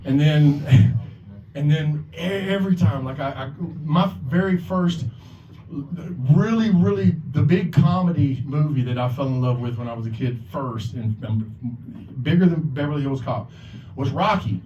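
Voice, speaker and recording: A man's voice: on the high side, expressive, normal speed, a little mellow, slight background noise. A man doing a rambling, profane stand-up set as the open mic host, acting out the voices of the people he quotes. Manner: profane, rambling, swears a lot. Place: bar or club stage. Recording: echoey, lo-fi, from far off.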